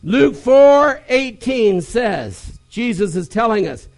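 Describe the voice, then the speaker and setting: Man preaching a sermon, really high voice, slow and drawn out, calls on the crowd to say it back. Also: sing-song. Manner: call-and-response, exclaims and repeats phrases.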